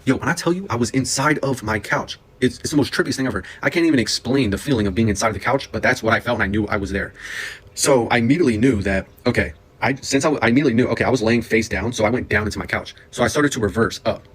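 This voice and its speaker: A young man telling a personal story in a casual, excited, rambling way, full of fillers and restarts. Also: medium pitch, quick pace, slightly rough.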